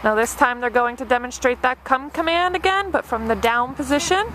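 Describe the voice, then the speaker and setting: Over crowd noise, a woman dog trainer narrates an obedience demonstration step by step, patient and encouraging in her instructional narration. Her voice is high and fairly quick.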